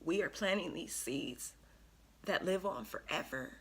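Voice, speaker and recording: Slow, gravelly-voiced woman reading cards. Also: on the low side, animated. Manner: slow, earnest, emotional, with many ums. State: emotional. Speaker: spiritual card reader. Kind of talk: tarot reading monologue.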